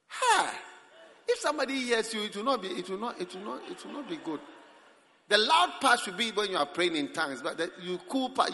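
A high, very bright man preaching to a congregation, his voice leaping up and down in pitch. He talks with lively energy and bursts into shouts. The sound rings with a long hall reverb. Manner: animated, acts out prayers with sudden shouts. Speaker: pastor. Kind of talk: sermon. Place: large church service.

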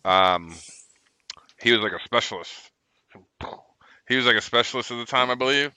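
तीस के दशक का एक आदमी, सेना का पूर्व सैनिक, जो खुलकर गालियों के साथ भटकती हुई कहानियाँ सुनाता है।. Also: male voice, medium pitch, moderate pace, pushed and bright, clean tone, no room sound, poor audio. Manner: rambling, profane storyteller. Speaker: military veteran guest. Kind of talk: casual chat.

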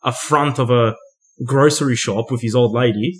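A man hosting a casual podcast, recapping a film in a relaxed, profane way, laughing often and acting out characters' lines. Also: medium pitch, moderate pace. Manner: laid-back, swears freely, laughs often, acts out lines. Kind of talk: casual chat.

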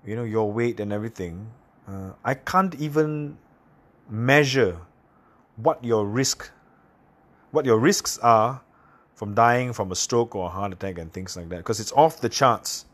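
A man voicing a serious male doctor delivering blunt news in a grave, measured way. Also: fairly low pitch, fairly bright tone.

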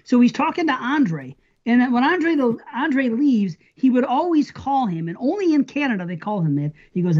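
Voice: high voice, sing-song, moderate pace, hardly any pauses, darkish tone. An American podcast host telling rambling stories in casual chat. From United States. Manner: rambling storyteller. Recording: dull lo-fi sound.

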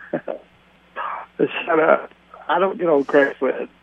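A man's voice: on the high side, very slow, gravelly, narrow, tinny audio. A man taking a call on speakerphone while driving, flustered and laughing. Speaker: prank call target. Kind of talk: phone call. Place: in a car, driving. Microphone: phone on speakerphone.

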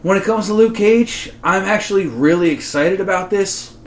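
Male podcast co-host, casual and rambling, swears freely, slightly higher voice, echoey room, faint hum. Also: moderate pace. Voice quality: profane, mock-ranting bursts.

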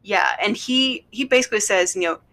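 A woman's voice: mid-range voice, fairly quick, fairly bright tone. A woman in casual chat, recapping a show with a friend, reading quotes aloud and adding blunt, exasperated asides.

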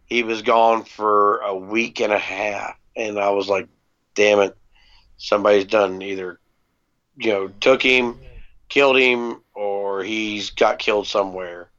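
A man's voice: lowish voice, fairly even intonation, a little slow, fairly bright tone. A man casually telling a long personal story on a podcast, laid-back, with plenty of ums and freely dropped swear words. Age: adult parent. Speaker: podcast co-host. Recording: dull lo-fi podcast audio.

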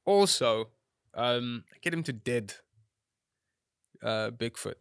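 A man co-hosting a casual film podcast, hesitant with many fillers, his voice jumping high when he is amused. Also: lively intonation, takes it slowly, clear, resonant tone, dry recording, studio quality. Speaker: podcast co-host.

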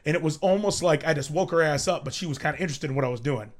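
A man telling a ghost story casually, animated and profane, often laughing. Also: a little high, racing, crowd noise. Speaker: storyteller guest.

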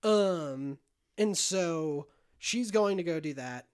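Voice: medium pitch, animated, takes it slowly, clean tone. A podcast co-host casually retelling a film plot, swearing freely and acting out the characters. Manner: rambling, profane, acts out every character.

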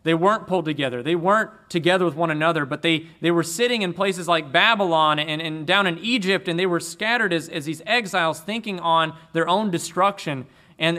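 Male preacher, slightly high bright voice, earnest sermon delivery with frequent restarts. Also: fairly quick. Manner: earnest, repeats words when restarting. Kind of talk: sermon with scripture reading.

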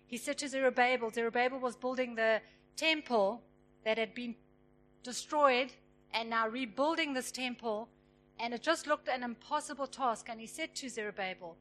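High-voiced woman preaching animatedly. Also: moderate pace, a little hiss or hum. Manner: animated, acts out the characters with emphasis. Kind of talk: sermon storytelling.

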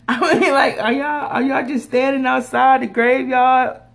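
A woman's voice: high-pitched, slow, vocal fry. A woman hosting a casual solo podcast, talking in slang, teasing her listeners and laughing often. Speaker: podcast host.

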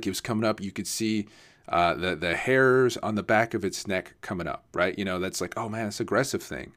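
A man's voice: deep voice, fairly bright tone. A young man telling a casual story, rambling and swearing with lots of fillers and restarts.

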